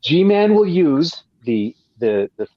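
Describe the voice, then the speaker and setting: A man's voice: fairly high pitch, very animated, slow, warm tone, dry recording, lo-fi sound. A man from Canada, a guest telling long profane stories in casual chat, with many restarts. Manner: profane, rambling, frequent restarts.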